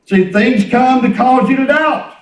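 A man's voice: extremely high pitch, unhurried, echoey room, far from the mic, poor audio. A man preaching a sermon in a folksy storytelling way, acting out conversations. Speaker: pastor. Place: church hall.

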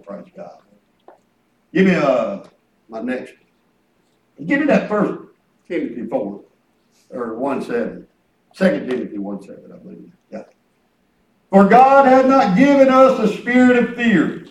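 Preaching in a church hall, a high-voiced man speaks expressively at a measured pace, pausing often as he spins folksy stories and invites call and response from the congregation. A distant mic picks him up in an echoey room.

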